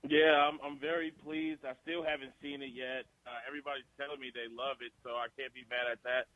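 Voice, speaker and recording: A man's voice: medium pitch, little pitch movement, quick pace, fairly bright tone, muffled recording. A male guest actor in a casual radio interview, talking loosely and animatedly with frequent laughs.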